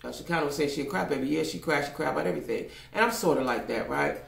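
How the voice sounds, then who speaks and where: A woman's voice: deep voice, racing, gravelly. An older woman giving blunt, profane commentary in a casual vlog, repeating herself for emphasis. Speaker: vlogger. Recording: echoey room.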